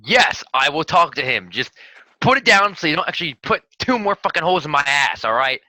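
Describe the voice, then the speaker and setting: A man playing a tabletop game, excitable and swearing freely. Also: fairly high pitch, fairly quick, no echo, rough recording. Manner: profane, excitable. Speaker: player.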